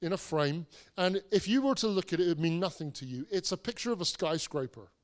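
A man's voice: high voice, expressive, brisk. A man, preaching a sermon in a conversational storytelling way, with restarts and self-deprecating asides. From England. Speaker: pastor.

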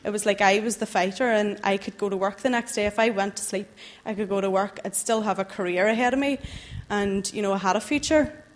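A young woman, giving an earnest, halting personal testimony to a church group, emotional as she tells it. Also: medium pitch.

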